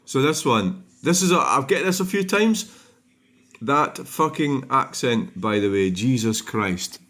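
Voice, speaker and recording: A middle-aged man with a Scottish accent talks casually to camera as he reviews comments. He rambles, swears without pause and speaks bluntly, in a voice of ordinary pitch. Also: sing-song, fairly bright tone. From Scotland. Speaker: dashcam channel host. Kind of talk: casual vlog talk while reviewing comments.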